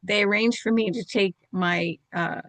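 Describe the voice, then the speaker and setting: A woman's voice: medium pitch, fairly even intonation, measured pace, fairly bright tone, no echo. An older woman telling a personal story in a candid, self-deprecating way, laughing now and then.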